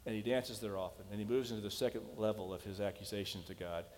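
A man's voice: lowish voice, fast, darkish tone. A man preaching a sermon as a pastor, talking in an emphatic, questioning way and telling stories. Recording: long hall reverb.

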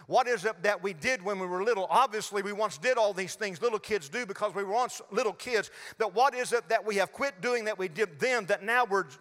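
A man's voice: high-pitched, fairly quick, hardly any pauses, a bit bright, in a large hall. An older man preaching a sermon in a folksy storytelling way, acting out little voices as he goes. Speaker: pastor.

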